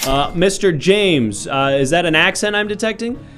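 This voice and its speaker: A man hosting an improv comedy livestream as a mock-formal judge, thanking viewers and questioning defendants, with a somewhat high voice over soft music. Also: lively intonation, moderate pace. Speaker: host playing a judge.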